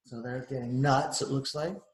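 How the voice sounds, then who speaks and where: A man's voice: medium pitch, fairly even intonation, moderate pace, slight background noise. A man, a teacher, reads a storybook aloud to children at home, breaking off for simple, chatty explanations of words. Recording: roomy echo.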